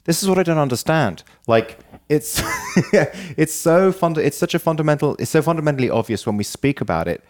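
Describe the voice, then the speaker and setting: A man's voice: fairly high pitch, expressive, fairly quick. A man co-hosting a casual podcast chat, thoughtful and questioning. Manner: thoughtful, questioning, brief agreeing sounds. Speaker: podcast co-host.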